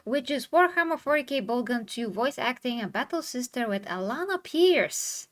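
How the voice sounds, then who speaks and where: A woman's voice: high-pitched, expressive, moderate pace. A woman hosting a gaming news stream, chatting casually and reading an interview aloud, stumbling now and then over hard names. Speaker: stream host.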